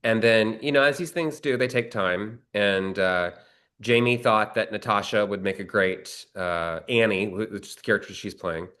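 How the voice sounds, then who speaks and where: A man's voice: fairly low pitch, moderate pace. A middle-aged man, a screenwriter and actor, telling a long story in a casual interview and acting out the dialogue in it. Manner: animated storyteller, acts out quoted dialogue in a raised voice.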